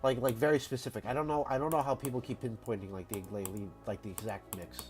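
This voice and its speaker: A man's voice: medium pitch, steady tone, quick pace. A man with a head cold chatting casually on a game stream, rambling and repeating words as he restarts sentences. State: congested from a cold. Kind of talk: casual live-stream chat.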